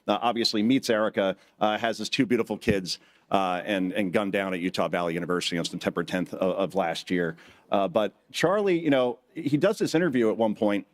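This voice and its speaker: A middle-aged man giving a live speech at a conference, telling jokey stories and acting out quotes in changing voices. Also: medium pitch. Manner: joking storyteller who acts out quotes in shifting voices. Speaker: conference speaker. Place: conference hall stage.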